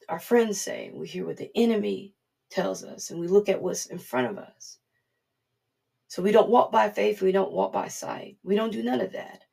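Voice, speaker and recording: A woman's voice: mid-range voice, vocal fry, darkish tone, slightly rough. A woman preaching a conversational sermon in an informal, earnest manner, acting out the voices she quotes as she goes. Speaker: prophetess preaching.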